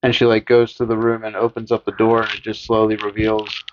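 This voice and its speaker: A man's voice: completely flat delivery, a little fast, slight background noise. A man co-hosting a podcast, casually recapping a horror film in a profane, joking way. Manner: profane, jokey retelling with squeaky put-on voices for characters. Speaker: podcast co-host. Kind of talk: casual movie recap chat. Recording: dull lo-fi podcast audio.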